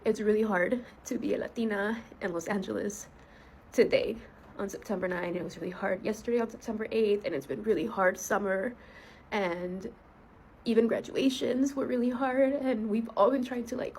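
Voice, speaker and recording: A woman in her thirties, a school therapist from the United States, speaking in an emotional, halting, heartfelt personal video monologue. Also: medium pitch, darkish tone, a little hiss or hum, rough recording.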